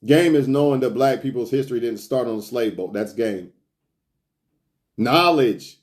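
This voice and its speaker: A man talks straight to camera, lecturing his viewers in a blunt, profane, street-casual way. His voice sits at an ordinary middle pitch for a man. He repeats his points and hammers them home with emphasis. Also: lively intonation, measured pace, a little mellow. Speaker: self-improvement vlogger. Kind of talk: casual preachy monologue to viewers.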